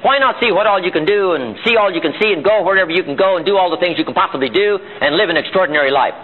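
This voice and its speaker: Rhetorical questions come rapid-fire from a high-pitched man speaking at a racing clip. He's emphatic, leading a live motivational seminar in a meeting room, preserved on a tinny, lo-fi archival tape.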